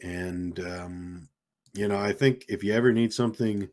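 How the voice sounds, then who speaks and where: A livestream host's voice sits on the low side, a little slow and a little mellow, as he meanders through filler-heavy chatter full of ums and uhs. He streams casually from his California home using a desk microphone with a keyboard behind it.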